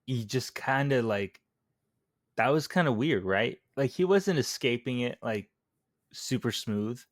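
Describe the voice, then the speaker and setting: A man's voice: mid-range voice, expressive, unhurried, no echo, studio quality. A man co-hosting a podcast, chatting casually about a movie in a laid-back way, full of "like" and "right". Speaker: podcast co-host. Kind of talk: casual movie review chat.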